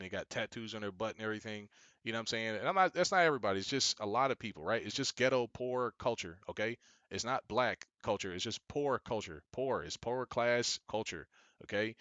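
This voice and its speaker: A man's voice: lowish voice, a bit bright, dry recording, highs cut off. A young adult man giving an emphatic, preachy monologue, often repeating himself. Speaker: business coach. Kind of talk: casual monologue commentary.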